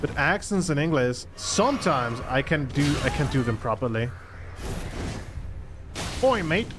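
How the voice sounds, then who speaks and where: A man's voice: mid-range voice, lively intonation, normal speed, noisy background. A man streaming a game, chatting casually with viewers in a rambling, self-conscious way. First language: Spanish. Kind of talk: casual live-stream chat.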